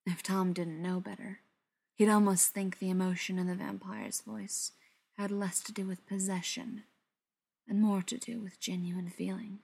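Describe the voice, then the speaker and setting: A woman narrating a novel aloud, steady and dramatic, dropping to a hush in quieter passages. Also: medium pitch, moderate pace, gravelly, husky. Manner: steady, dramatic reading with soft, hushed passages. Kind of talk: audiobook narration.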